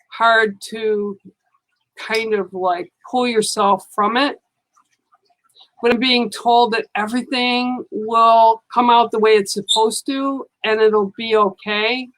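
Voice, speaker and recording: A woman's voice: a little high, a bit bright, rough recording. A woman giving a psychic card reading on a live stream, speaking in a soothing, reassuring way and often checking in with "okay".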